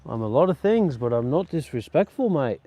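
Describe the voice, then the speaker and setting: A man's voice: on the high side, sing-song, fairly quick, mellow, no echo. Swearing man in a mock Aussie accent. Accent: mock Australian. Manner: crude, swearing, ironic bravado. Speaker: vlogger. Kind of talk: comedic travel vlog monologue.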